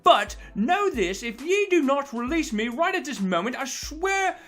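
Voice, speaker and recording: A man voicing a furious medieval knight in an attempted British accent, shouting archaic threats. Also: extremely high pitch, big pitch swings, a little slow, faint music behind, pitched above the performer's own voice, exaggerated voice.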